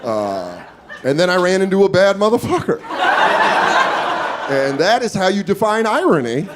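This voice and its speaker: A male stand-up comedian tells a story in a fairly high, lively voice that swings widely in pitch. His delivery is animated, profane and self-mocking. Loud audience noise fills the comedy club around him. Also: moderate pace.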